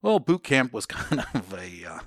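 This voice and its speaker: A middle-aged man telling stories about his Army days in a casual interview, cursing freely and shouting out the drill sergeants' orders. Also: medium pitch, moderate pace, no room sound, studio quality. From Ohio, United States. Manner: profane, animated storytelling, shouts out drill sergeant lines.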